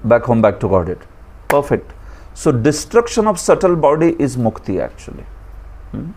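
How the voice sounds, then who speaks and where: A man's voice: medium pitch, very animated, normal speed, vocal fry, darkish tone, husky. Indian man teaching a scripture class. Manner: questioning students, chuckling asides, mixes in Hindi. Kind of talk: interactive class lecture.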